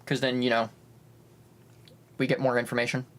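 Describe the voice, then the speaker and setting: A young man casually chatting as co-host of a stream, animated, with bursts of silly voices. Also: medium pitch, normal speed.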